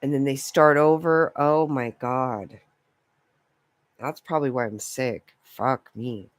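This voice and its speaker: A woman's voice: very deep voice, steady tone, slow, no echo. Profane, rambling woman vlogger, dry sound. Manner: profane, rambling, laughs often. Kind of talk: casual ranting monologue.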